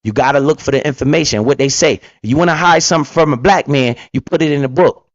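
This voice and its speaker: A man in the middle of a heated reaction rant, swearing and preaching about money. His voice sits a little high. It is recorded close and dry on a slightly dull, lo-fi mic. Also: fast, no room sound. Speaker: finance commentator reacting to a clip. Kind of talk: fired-up reaction commentary.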